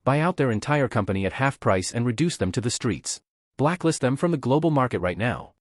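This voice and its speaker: A man's voice: mid-range voice, animated, brisk, dry recording, studio quality, lightly acted. Man doing a cold, grave billionaire hero.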